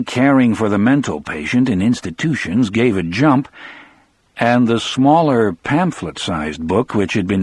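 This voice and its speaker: A man narrates in the first person with a low, husky voice. His pitch moves a lot as he tells the story, and the read is dry and close. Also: dry recording. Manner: dramatic, storyteller delivery. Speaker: audiobook narrator.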